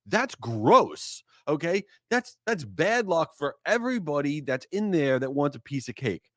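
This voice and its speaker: Male podcast host, casual monologue, very lively intonation, dead-dry booth sound. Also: measured pace, no echo. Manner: animated storyteller, rises high for excited bits.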